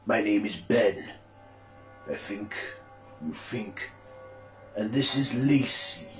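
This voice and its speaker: A man's voice: on the low side, animated, slow, a bit bright, echoey room, faint music behind. A man doing a tentative, unsure young man. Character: man waking beside his partner, unsure.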